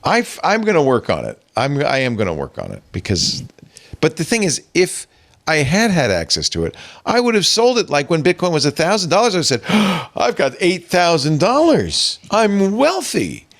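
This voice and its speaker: A male host leads a casual tech talk show, playful and theatrical. His voice swoops wildly from low to high, stretching words when he reads something aloud. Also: wildly swooping pitch, brisk, fairly bright tone.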